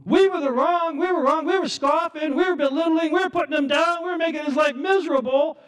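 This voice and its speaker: A man preaching a sermon voices a scoffing male neighbor who mocks loudly and later shouts in a high, strained voice. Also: big pitch swings, moderate pace. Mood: panicked.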